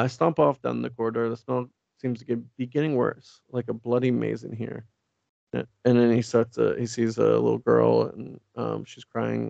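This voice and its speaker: Gravelly-voiced man reading comics aloud. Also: medium pitch, darkish tone, no room sound, highs cut off. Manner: reads comic dialogue with playful voices, laughs often. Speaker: podcast co-host.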